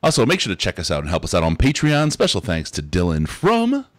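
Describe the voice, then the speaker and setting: A man hosting a live sports podcast, running through announcements in an upbeat, animated way. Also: low voice, fairly quick, dry recording. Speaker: podcast host.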